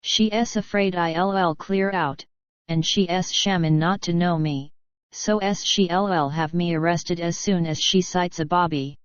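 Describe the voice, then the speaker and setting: A woman's voice: lowish voice, measured pace, dry recording, highs cut off, lightly acted. Woman reading as a shifty male bushman. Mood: suspicious.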